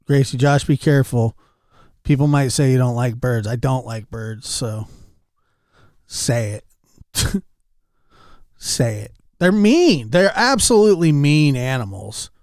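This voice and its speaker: A man's voice: mid-range voice, animated, slow pace, long pauses, darkish tone, dry recording, studio quality. A man chatting casually with his stream chat, telling rambling anecdotes and calling out viewers by name. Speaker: livestreamer.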